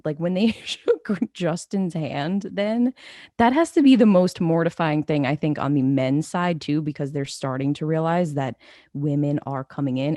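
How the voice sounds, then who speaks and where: A woman's voice: low-pitched, warm tone, no room sound, studio quality. A woman hosting a podcast, talking in a chatty, emphatic way. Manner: chatty, emphatic, quick to laugh. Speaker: podcast host. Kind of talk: casual interview chat.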